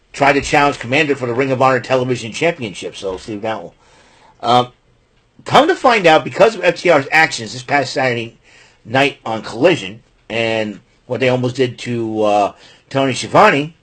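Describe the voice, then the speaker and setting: A man hosting a casual wrestling recap show, rambling and laughing at his own jokes. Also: mid-range voice. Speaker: podcast host.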